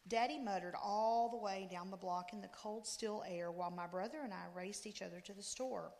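A woman reading a story aloud with expressive storytelling. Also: medium pitch, moderate pace, creaky. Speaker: story reader. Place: church. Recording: long reverb in a church.

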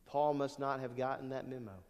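A man preaching a sermon as pastor, animated, swinging between loud emphasis and quiet asides. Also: mid-range voice, normal speed, dull audio. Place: church sanctuary. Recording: long church hall reverb.

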